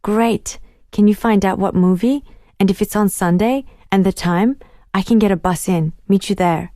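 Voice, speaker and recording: A woman's voice: mid-range voice, moderate pace, dark tone, dry recording, clean studio sound, lightly acted. A woman voicing an eager, persistent teenage boy who keeps pushing with hopeful questions.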